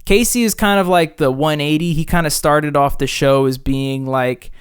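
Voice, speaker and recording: Ny guy cohosting a podcast, rambly gossip, smooth clear voice. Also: a little high, moderate pace. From New York City. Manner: animated storyteller, frequent "like" fillers. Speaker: podcast co-host. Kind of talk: casual chat.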